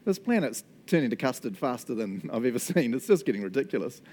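A New Zealand man preaching a chatty, joking sermon to a church, with an animated delivery. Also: mid-range voice, fast. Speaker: pastor. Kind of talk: lively sermon. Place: church hall. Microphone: handheld microphone.

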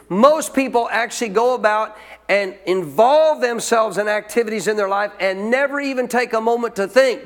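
A man's voice: high voice, long reverb tail. A male pastor preaching a sermon in a conversational way, often asking the congregation questions.

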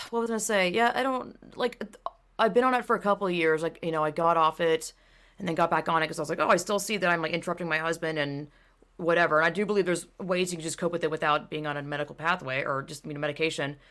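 Bright-voiced woman ranting bluntly. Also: deep voice, fast. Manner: blunt, profane, animated ranting. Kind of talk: casual chat.

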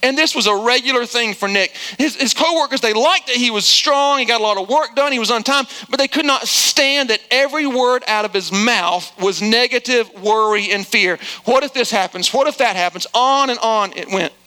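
Man, middle-aged, pastor, sermon, chatty storytelling, self-deprecating, smooth clear voice. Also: extremely high pitch, normal speed, few pauses, bright, forceful tone.

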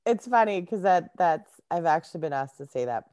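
A woman's voice: lowish voice, expressive, fairly quick, darkish tone, no room sound, clean studio sound. A Canadian woman, a life coach, chatting casually as an interview guest and laughing often.

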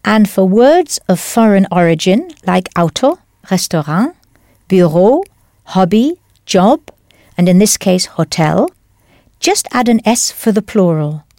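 A woman's voice: mid-range voice, big pitch swings, unhurried, mellow, dry recording. Patient woman teaching in a dry studio. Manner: clear, patient, encouraging. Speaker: language teacher. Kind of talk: scripted language lesson narration.

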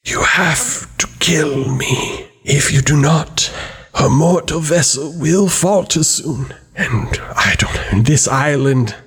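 A man's voice: medium pitch, a bit bright, slightly rough, full character voice. Man voicing a frail, resigned female angel. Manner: slow, grave, at times whispered.

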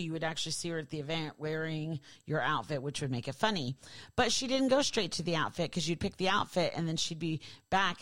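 A woman's voice: low-pitched, fairly bright tone, no echo. A woman hosting a podcast in a rambling, sarcastic, profane monologue. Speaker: podcast host.

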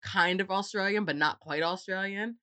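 A woman hosting a casual book-club podcast, talking in an animated way, laughing often and swearing casually. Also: medium pitch, moderate pace. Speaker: podcast host.

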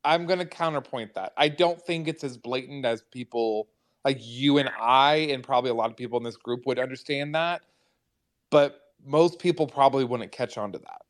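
A man's voice: mid-range voice, moderate pace. Sarcastic joking man in casual chat. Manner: joking, sarcastic, laughs often. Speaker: podcast co-host and writer. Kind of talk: casual discussion.

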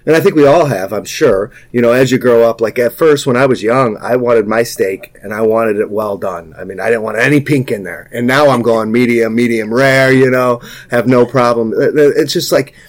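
A man's voice: mid-range voice, moderate pace, hardly any pauses. A man in his forties co-hosting a casual talk show, telling stories with laughs and acted-out quotes. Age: 40s. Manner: animated storyteller who acts out quotes with laughs. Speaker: co-host. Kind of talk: casual chat.

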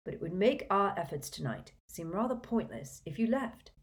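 A woman voicing a gentle, reasonable middle-aged father wizard in a storybook reading. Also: medium pitch, expressive, normal speed, natural voice. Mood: reassuring.

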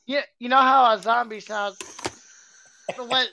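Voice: medium pitch, fairly even intonation, unhurried, gravelly, slight background noise, low-quality recording. A podcast co-host in crude casual banter, giggling, swearing and joking.

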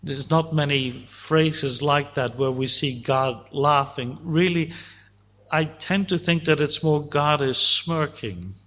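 A man preaching a sermon, teaching slowly and deliberately through a psalm and voicing God's words at times. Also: fairly high pitch, fairly bright tone.

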